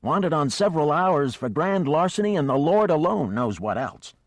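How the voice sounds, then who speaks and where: A man's voice: fairly high pitch, animated, moderate pace, no echo, studio quality, pitched above the performer's own voice. A man voicing a chatty, blunt male fish-man sea skipper. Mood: chiming.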